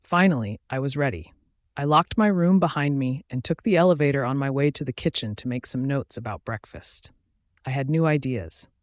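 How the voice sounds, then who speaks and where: A man reading a romance audiobook aloud in a steady, even first-person narration. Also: mid-range voice, normal speed, no room sound, clean studio sound.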